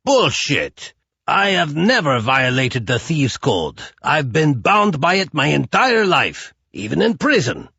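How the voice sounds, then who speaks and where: A man voicing a volatile, overweight Russian mobster who shouts and pleads. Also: sits high, wildly swooping pitch, moderate pace, slightly rough, dry recording, dull audio, voice pushed up, exaggerated voice. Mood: defiant. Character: volatile middle-aged Russian mobster, overweight, hot-tempered.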